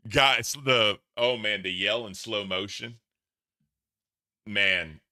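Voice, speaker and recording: A man's voice: fairly low pitch, takes it slowly, bright, forceful tone, no room sound, studio quality. A man reacting to clips for his stream chat in casual, profane commentary. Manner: profane, laughing, talks to chat.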